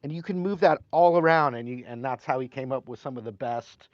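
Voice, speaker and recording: A man's voice: medium pitch, fairly quick, dry recording. A man teaching guitar in a casual live stream, chatting and reading viewer comments aloud between playing. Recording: slightly dull sound with guitar playing.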